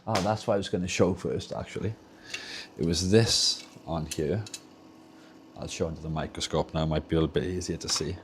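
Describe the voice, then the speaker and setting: A man's voice: deep voice, fairly even intonation, a little fast, slight background noise. A young Welsh man with a Welsh accent, chatting casually and rambling as he repairs controllers on a livestream in his home workshop. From Wales. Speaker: streamer repairing game controllers. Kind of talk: casual livestream chat while tinkering. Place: home workshop with soldering bench.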